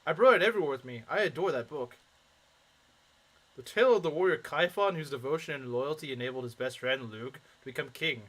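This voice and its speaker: A man's voice: a little high, fairly quick, a bit bright, natural voice, rough recording. A man voicing a noble, devoted young male prince with formal, courtly phrasing, reading game dialogue aloud. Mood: earnest.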